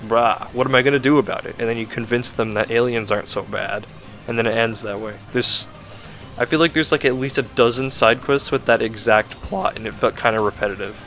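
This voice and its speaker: A man's voice: medium pitch, fairly even intonation, brisk, a bit bright, faint music behind. A man giving a casual, rambling game review, ranting in an exasperated, sarcastic way with lots of fillers.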